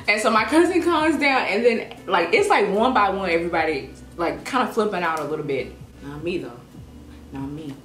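A woman's voice: lowish voice, expressive, brisk, fairly bright tone. Dramatic young woman telling a story. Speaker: vlogger. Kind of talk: casual storytime chat. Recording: echoey room with faint music.

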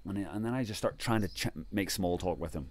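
A man with an Irish accent, a podcast guest telling animated travel stories. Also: sits low, quick pace. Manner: lively, acts out other people's lines in the story. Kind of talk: animated casual storytelling.

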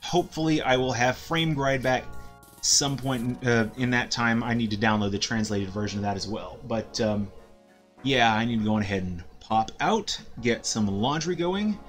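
A man in the middle of his range chats through a live game stream in a loose, unscripted way. He trips over his words and leans on fillers. Soft game music plays faintly behind him. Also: mid-range voice, moderate pace. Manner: casual, stammers and fills with ums. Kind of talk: live gameplay commentary.

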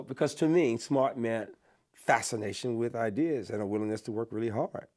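An older man recounts memories in an interview, his voice sitting fairly low. He talks earnestly and lets his voice rise on key words before it settles back down. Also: gravelly. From Alabama, USA. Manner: earnest and animated, lifts his voice for emphasis then drops it. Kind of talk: reflective personal storytelling.

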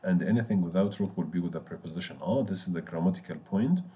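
A man teaches French through English, his deep, mellow voice carrying the lesson. He repeats each word and stops to explain with the odd filler. Faint keyboard typing sits behind him. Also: fast talker. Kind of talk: bilingual language lesson.

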